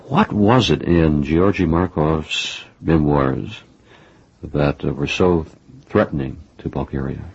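A man's voice: extremely low pitch, takes it slowly, gravelly, a little mellow, slightly rough. A man interviewing, asking brief, probing questions. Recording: dull lo-fi broadcast audio.

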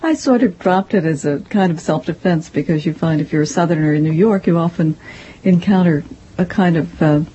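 A woman from Mississippi with a faint Southern accent, a novelist talking in a measured, articulate way as an interview guest. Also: lowish voice, mellow. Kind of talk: radio interview conversation. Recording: dull lo-fi audio with faint hiss.

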